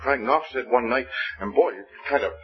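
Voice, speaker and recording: A man preaching a gospel sermon, earnest and pleading, with a husky voice that rises and falls. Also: medium pitch, normal speed, lo-fi sound, faint music behind. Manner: earnest, rising and falling pleading delivery.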